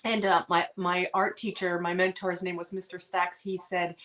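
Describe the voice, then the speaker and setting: A middle-aged woman, a guest author, sharing heartfelt personal stories in an earnest, halting way with many restarts. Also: lowish voice, flat delivery, fairly bright tone, slight background noise.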